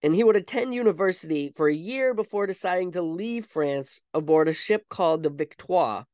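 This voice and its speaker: A male podcast host with a fairly high voice tells a history story in a loose, conversational way, full of asides and "you know"s. He is recorded close on a microphone, and the sound is dry with no room around it. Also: expressive, normal speed, darkish tone, dry recording. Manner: chatty, with frequent asides and fillers. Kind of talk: casual storytelling about history.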